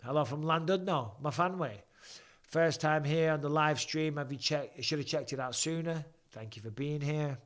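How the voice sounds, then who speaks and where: A man's voice: fairly high pitch, normal speed, a bit bright. A man, chatting bluntly and swearing as he reads viewer questions on a live stream. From England. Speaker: livestream host watching fights.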